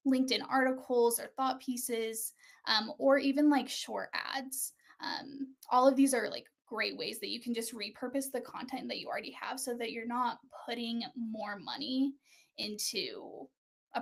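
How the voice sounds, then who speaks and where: A woman's voice: on the high side, gravelly. A woman co-hosting a casual marketing chat over a video call, speaking with many fillers like "um" and "like". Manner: filler-heavy, lots of "um" and "like". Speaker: co-host.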